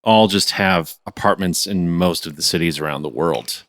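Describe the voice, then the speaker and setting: A man hosts a conversational interview, easygoing and chatty. His voice sits very low. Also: moderate pace, fairly bright tone. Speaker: podcast host. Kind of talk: casual interview.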